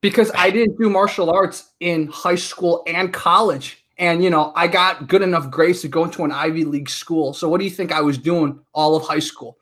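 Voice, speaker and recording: A man in his thirties talking casually as a podcast guest, telling stories and acting out quotes in an animated way. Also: on the high side, moderate pace, few pauses. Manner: chatty, animated storyteller, acts out quotes.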